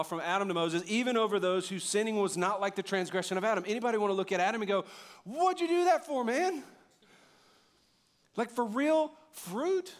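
A man preaching a sermon with a slightly raised pitch. He talks in a conversational, animated way, jumping from loud bursts to hushed emphasis. He jokes with the congregation as he goes. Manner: animated, swings from loud outbursts to quiet emphasis. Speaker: pastor.

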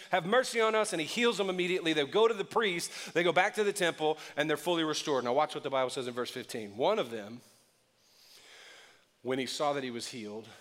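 Man, pastor, sermon, conversational and expressive, slightly high voice, long hall reverb. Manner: expressive, conversational preaching with acted quotes.

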